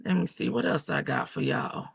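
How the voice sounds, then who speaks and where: A woman's voice: deep voice, very animated, moderate pace, creaky, slightly rough, dry recording, lo-fi sound. A woman with a heavy morning voice, hosting a casual live stream from her front porch and greeting viewers by name.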